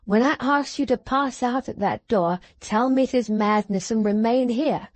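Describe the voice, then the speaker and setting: A woman voicing a steady, urgent young Englishman who gives calm, hurried commands as he plans a rescue. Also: fairly high pitch, no room sound, lightly acted. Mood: urgent, commanding.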